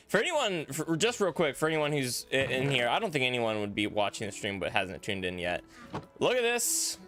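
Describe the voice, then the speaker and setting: A man's voice: medium pitch, bright, forceful tone. A man casually chatting and rambling with fillers while live streaming a game and greeting viewers. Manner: rambling, easygoing, many fillers.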